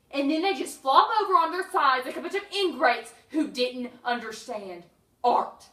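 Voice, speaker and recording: A woman reading her own humorous memoir with wry, deadpan comic timing and sudden bursts. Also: high-pitched, moderate pace, echoey room, distant mic, poor audio.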